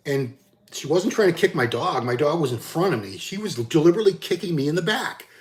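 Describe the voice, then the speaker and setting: A middle-aged man hosting a bodybuilding channel, telling viewers a story in a blunt, animated, casual way and acting out the quotes. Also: fairly high pitch.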